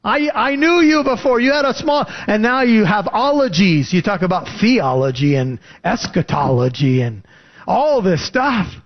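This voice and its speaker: A man preaching a sermon, reading scripture and explaining it with lively emphasis. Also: moderate pace, hardly any pauses. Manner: animated, rising pitch for emphasis. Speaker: pastor. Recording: dull lo-fi recording.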